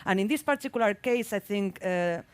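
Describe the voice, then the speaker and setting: A woman architect and researcher speaking on a public panel in a thoughtful, halting way, often repeating words. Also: medium pitch, animated, clean tone, no echo. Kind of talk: panel discussion. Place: public talk event.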